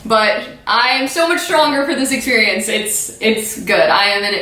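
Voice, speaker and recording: A woman's voice: on the high side, lively intonation, moderate pace, pushed and bright. Young american woman vlogging, chatty and self-mocking, lots of echo in the room. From United States. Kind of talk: casual reaction commentary. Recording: echoey room.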